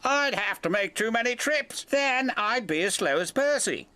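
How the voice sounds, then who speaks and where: A man's voice: very high voice, lively intonation, normal speed, bright, forceful tone, pitched above the performer's own voice, exaggerated voice. A man doing Harold, a breezy cocky helicopter. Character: cheerful, confident male helicopter.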